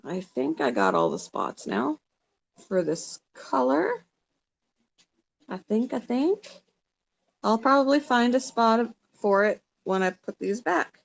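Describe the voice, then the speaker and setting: Soft-spoken woman chatting while crafting. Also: fairly high pitch, very animated, takes it slowly, gravelly, long pauses. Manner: soft, rambling, talks to herself while working. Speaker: vlogger chatting with live viewers while crafting. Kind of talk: casual live-stream chat.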